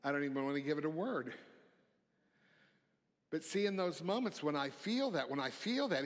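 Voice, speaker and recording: A man preaching a reflective sermon as a minister, slow and gentle, dropping to near-whispers on key phrases. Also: a little high, lively intonation. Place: church sanctuary. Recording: long hall reverb.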